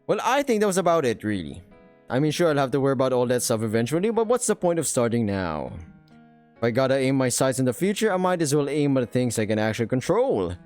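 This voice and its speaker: A man's voice: medium pitch, sing-song, fast talker, a little mellow, soft background music, lightly acted. A man voicing a cheerful, friendly dragon guy. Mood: upbeat. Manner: cheerful, reassuring, chatty. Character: friendly upbeat young male dragon.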